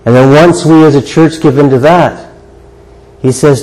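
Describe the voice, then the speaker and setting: An older man delivers a sermon in a slightly higher-pitched voice. His preaching is earnest and conversational and leans on repeated rhetorical questions. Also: fairly even intonation, normal speed, a little mellow, rough recording. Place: church sanctuary before a congregation.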